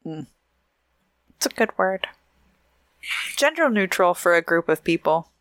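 A young woman co-hosting a podcast, unhurried and giggly as she chats through shout-outs and sponsor reminders. Her voice sits on the low side, and the recording is close and dry with no room sound. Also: big pitch swings, dry recording. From Oregon, USA. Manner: giggly, chatty, reads shout-outs and promos. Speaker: podcast co-host. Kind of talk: casual podcast chat.

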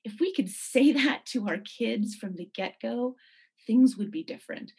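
Husky-voiced woman physician, earnest. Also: medium pitch, a little slow, a little mellow. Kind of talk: conversational podcast talk.

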